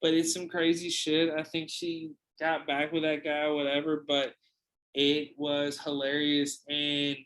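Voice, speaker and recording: A man's voice: a little high, completely flat delivery, a little slow, a bit bright, clear, resonant tone, low-quality recording. A young man hosting a podcast, telling a long anecdote in a casual, profane, rambling way with frequent restarts. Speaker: podcast host. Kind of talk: casual storytelling.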